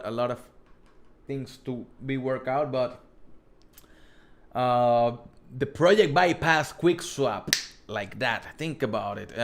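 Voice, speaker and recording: Man with a thick Spanish accent. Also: medium pitch. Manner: rambling, self-correcting, reads chat questions aloud. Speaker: host. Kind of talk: casual live-stream chat.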